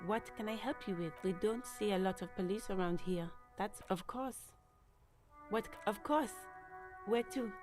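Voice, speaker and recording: A woman voicing a nervous townswoman in a detective game, answering in hesitant, halting replies. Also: medium pitch, music in the background, close to an everyday voice.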